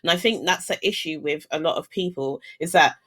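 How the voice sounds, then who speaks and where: A woman's voice: sits low, a little fast. A woman talking candidly as a guest in a casual chat, telling stories and acting out quotes. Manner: candid, animated storytelling with acted-out quotes.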